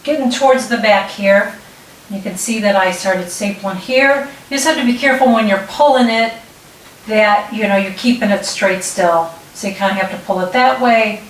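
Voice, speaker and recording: A middle-aged woman hosts a relaxed hands-on tutorial, chatting as she works and often pausing to check in. Her voice sounds set back from the mic in a roomy space. A faint hiss sits under it. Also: mid-range voice, far from the mic. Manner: chatty, talks while working, frequent restarts and "okay?" check-ins. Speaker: DIY tutorial host. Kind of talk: casual step-by-step demonstration.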